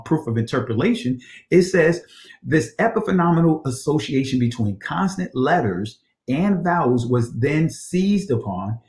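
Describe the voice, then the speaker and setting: Man, lecturing, rhetorical questions, repeats quotes slowly, echoey room, mid pitch. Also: a little mellow. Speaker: religious teacher. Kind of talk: lecture over on-screen slides.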